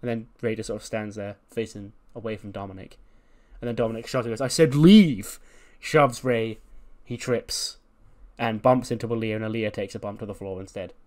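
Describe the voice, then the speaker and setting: A man's voice: on the low side, little pitch movement, fairly quick. A man hosting a game series, casually narrating a wrestling storyline in a laid-back, chatty way. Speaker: game let's-play host.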